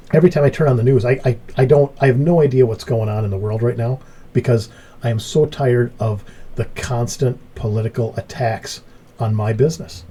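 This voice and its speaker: A middle-aged man hosting a relaxed group chat, telling stories with lively jumps in pitch when he acts out what he said. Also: slightly rough. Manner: animated storyteller, voice jumps up when acting out his story. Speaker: podcast host. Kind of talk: casual chat.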